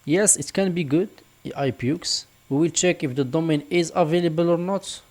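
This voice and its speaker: Guy doing a screen tutorial, kinda high voice, keeps saying for example. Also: moderate pace, darkish tone. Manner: explanatory, repeats "for example" and "just like this". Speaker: online tutorial instructor. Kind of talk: screen-recorded tutorial walkthrough.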